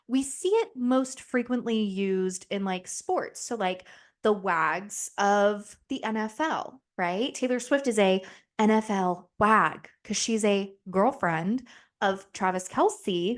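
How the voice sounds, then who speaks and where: A young woman talks solo on her podcast, loose and chatty. She swears freely and keeps checking in with "right?" between rambling thoughts. Her pitch sits in the usual middle range for a woman. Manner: chatty, profane, lots of "like" and "right?". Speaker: podcast host. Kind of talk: casual solo podcast chat.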